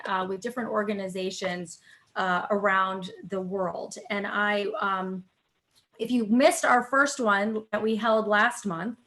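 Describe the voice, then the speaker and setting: A woman moderating an online panel over a video call. She speaks in a measured, semi-formal way at a middle pitch and now and then fills a pause with "um" or "uh". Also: fairly bright tone. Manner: measured, semi-formal opening remarks with some fillers. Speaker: think tank vice president hosting a webinar.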